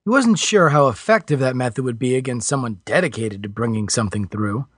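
A man reading a novel aloud as a narrator, in a steady storytelling delivery. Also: medium pitch, fairly quick, breathy edge, no room sound, clean studio sound. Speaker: audiobook narrator. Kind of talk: scripted narration.

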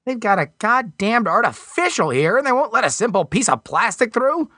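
A man's voice: big pitch swings, normal speed, sharp tone, dry recording, full character voice. An impulsive young man who protests in a raised, strained voice, as a male audiobook narrator puts him on. He drags out his complaints. The recording is dry and close. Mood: indignant. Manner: protesting, raised pitch, drawn out.

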